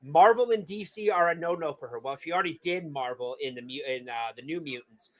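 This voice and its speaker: A man hosting a casual livestream movie review, rambling, excitable and quick to swear. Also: on the high side. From Massachusetts. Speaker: movie review show host.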